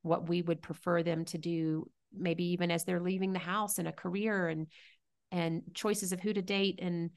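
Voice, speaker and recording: A woman's voice: on the low side, level tone, moderate pace, darkish tone. A middle-aged woman speaking as a podcast guest, earnest and reflective, often restarting her sentences. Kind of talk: conversational interview.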